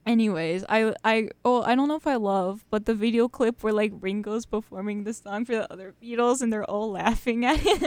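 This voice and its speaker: A woman's voice: fairly high pitch, moderate pace, few pauses, a little mellow, no echo. A young woman hosting college freeform radio, chatting casually and rambling between songs with lots of fillers and laughs. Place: radio studio.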